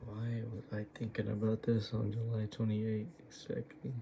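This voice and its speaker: A man's voice: lowish voice, completely flat delivery, normal speed, vocal fry, noisy background. A man going over his own trades and muttering to himself, exasperated and swearing at his own choices. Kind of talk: muttering self-critical screen review.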